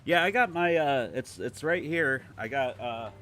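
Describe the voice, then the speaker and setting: A man's voice: mid-range voice, lively intonation, unhurried, fairly bright tone, faint music behind. A man with a Toledo, Ohio accent hosting a casual gameplay livestream, chatting loosely and reading viewer comments aloud. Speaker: livestream host.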